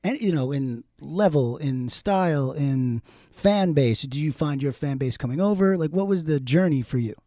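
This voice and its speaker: A man's voice: on the high side, lively intonation, mellow, no room sound, studio quality. A man hosting a casual interview, joking and swearing easily as he asks questions. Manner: joking, profane, laughs a lot, quick interjections. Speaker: podcast host.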